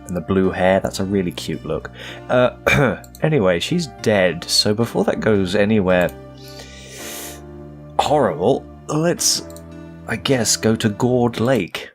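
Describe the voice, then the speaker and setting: A man's voice: fairly low pitch, very animated, slow, pauses often, soft background music. A man commenting on a game as he plays, joking and mocking himself while thinking aloud. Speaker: let's play gamer.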